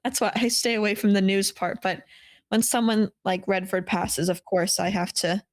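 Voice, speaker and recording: A woman's voice: mid-range voice, steady tone, moderate pace, no room sound, studio quality. A woman hosting a casual podcast chat, speaking with enthusiasm and heaping praise on her guest. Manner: warmly enthusiastic, full of praise. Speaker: podcast host.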